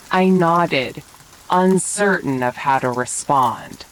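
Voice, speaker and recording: Low-voiced woman narrator, whispered role-play, slow and gentle for sleep. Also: expressive, a little hiss or hum, low-quality recording. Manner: slow, soft bedtime narration. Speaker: storyteller. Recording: faint rain sounds behind.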